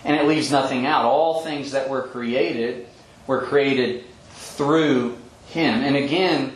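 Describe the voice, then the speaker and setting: A man giving a verse-by-verse bible teaching, explaining thoughtfully with frequent pauses and ums. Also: mid-range voice. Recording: echoey room with faint background hum.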